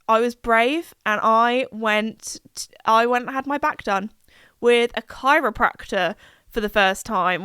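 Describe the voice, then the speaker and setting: A woman's voice: mid-range voice, fairly bright tone, clean tone, no room sound, clean studio sound. A young woman, chatting casually and rambling on her solo podcast, full of fillers and asides. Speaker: podcast host.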